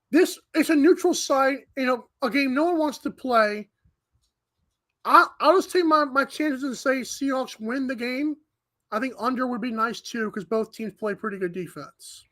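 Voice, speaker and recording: A woman's voice: high-pitched, fairly bright tone. A woman co-hosting a sports radio show, giving betting picks in breezy, joking casual chat. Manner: breezy, jokey, quick asides. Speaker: co-host.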